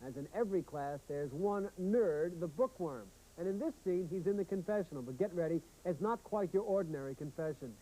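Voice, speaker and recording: A man's voice: sits high, expressive, a little fast, few pauses, mellow, low-quality recording. A man co-hosting a TV film review show, enthusiastic and chatty. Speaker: film critic, co-host. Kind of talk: scripted TV review.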